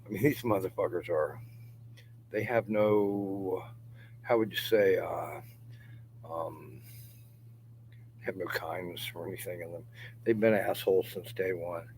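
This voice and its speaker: A man's voice: sits low, steady tone, a little slow, pauses often, a little mellow, a little hiss or hum, low-quality recording. A middle-aged man talking to his camera outdoors in a yard in a rambling, profane monologue, laughing between phrases and dropping at times to a mutter or a whisper. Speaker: vlogger.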